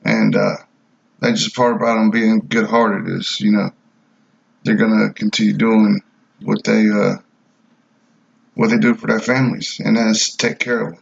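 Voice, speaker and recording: A man's voice: lowish voice, little pitch movement, normal speed, vocal fry, pauses often. A man hosting a radio show, talking in a casual, rambling way. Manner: laid-back, rambling with fillers. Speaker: radio host. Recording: dull lo-fi audio.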